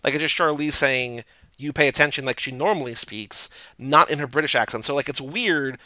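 A man's voice: mid-range voice, moderate pace, pushed and bright, no echo, poor audio. A man hosting a casual movie podcast, chatting loosely with lots of fillers. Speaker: podcast host.

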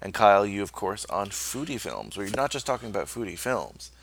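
Gravelly-voiced man hosting a podcast. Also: fairly low pitch, very animated, brisk, a bit bright, a little hiss or hum. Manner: loose, friendly sign-off with fillers. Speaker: podcast co-host. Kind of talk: casual podcast outro chat.

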